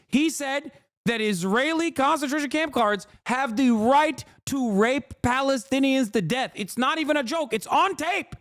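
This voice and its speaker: A man's voice: extremely high pitch, unhurried, fairly bright tone, no room sound. A man livestreaming casual political commentary, ranting in a sarcastic, profane, heated way on a close mic.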